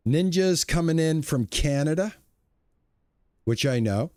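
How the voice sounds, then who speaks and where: A man's voice: a little high, animated, measured pace, darkish tone, no room sound, clean studio sound. A middle-aged man streaming a game, chatting casually and greeting viewers by name, often restarting his words. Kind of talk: casual live-stream chat.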